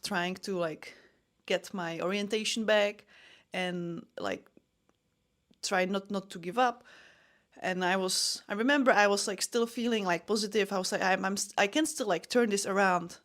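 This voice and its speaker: A woman's voice: mid-range voice, a bit bright. A young adult woman, a podcast host and MMA fighter, telling a personal story in a candid, self-deprecating way with frequent restarts.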